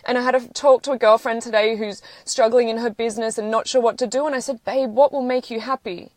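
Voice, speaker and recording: This social media livestreamer, a woman in her thirties, speaks quickly in a fairly high, rather even voice, blunt and sweary and on the edge of crying. Her emotional monologue is recorded dry on a close phone.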